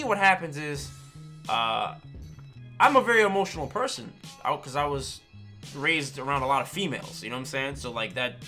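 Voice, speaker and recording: Bright-voiced streamer. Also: male voice, mid-range voice. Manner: animated storytelling with slang and swearing; checks in with the audience often. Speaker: streamer and fighting game player. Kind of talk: casual chat.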